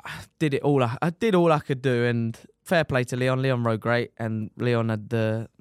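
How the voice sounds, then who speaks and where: A man's voice: mid-range voice, steady tone, moderate pace, smooth, dry recording, studio quality. A young man, a guest on a podcast, chatting casually in a laid-back way with short agreeing replies. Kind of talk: casual chat.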